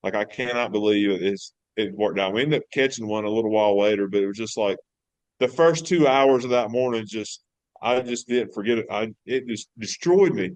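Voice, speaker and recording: A man with a drawl spins fishing-trip stories on a podcast, circling back with fillers and restarts as he builds up emphasis. His voice is smooth and resonant, and the sound is dry and close with no room echo. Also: on the low side, brisk, a little mellow. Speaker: fishing boat captain, guest. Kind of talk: casual storytelling interview. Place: podcast studio.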